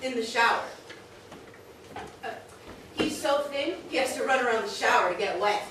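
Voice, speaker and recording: A woman's voice: a little high, lively intonation, moderate pace, very noisy, natural voice. A woman playing a brash, sassy wife in a community theater musical comedy, singing comic songs. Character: brash big wife defending her skinny husband. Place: grange hall stage. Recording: echoey hall from far off, music, audience.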